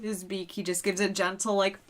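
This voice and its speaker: A woman narrates as game master of a tabletop game at a mid-range pitch. She describes scenes loosely and rambles, padding with fillers as she goes. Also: little pitch movement, fairly quick, crowd noise.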